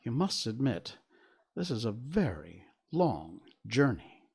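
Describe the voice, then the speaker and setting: A man reads a calm tin man in a storybook, steady and plain-spoken. The delivery is slow with expressive swings of pitch. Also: vocal fry, slightly rough, heavily acted. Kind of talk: storybook read-aloud.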